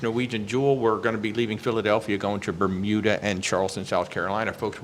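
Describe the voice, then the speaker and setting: A man on the low side runs a casual live stream answering cruise questions as a travel agent, with a little hiss or hum in the audio. He's eager and talkative, says hello to viewers by name and fills gaps with frequent "uh"s.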